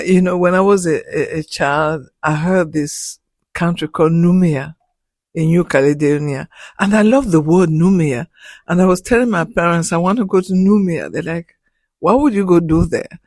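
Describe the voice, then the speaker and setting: A woman's voice: low voice, darkish tone, no echo. A woman in her sixties, a professor interviewed as a guest, telling personal stories with heartfelt emotion, close to tears and stumbling over repeated words. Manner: heartfelt, restarts and repeats words when moved. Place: indoor radio studio.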